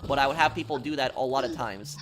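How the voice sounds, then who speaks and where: Over background noise, a New York man with a mid-range voice tells a long story on a stream at a quick pace. He rambles, repeats himself, and often restarts his sentences.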